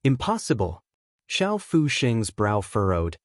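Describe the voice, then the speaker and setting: A man narrating a fantasy audiobook in an even, steady reading. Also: medium pitch, moderate pace, dry recording, studio quality. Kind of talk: scripted narration.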